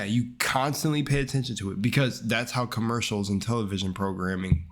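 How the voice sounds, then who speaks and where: A young man telling a personal story to his viewers in a rambling, excitable way, with casual swearing and repeated words. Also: fairly low pitch, brisk, hardly any pauses. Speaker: channel host.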